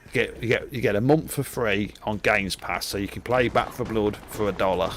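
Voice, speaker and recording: A man's voice: lowish voice, brisk, a bit bright, a little hiss or hum. An older man livestreaming a game, chatting to viewers in a rambling, profane, jokey way. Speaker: game streamer. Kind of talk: live gameplay commentary. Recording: game gunfire in the background.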